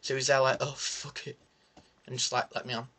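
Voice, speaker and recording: A young man talks straight to camera in a casual vlog, sarcastic and animated. His voice is bright and forward, set at an ordinary middle pitch. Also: brisk, slightly rough. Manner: animated, sarcastic ranting with mock French asides. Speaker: vlogger.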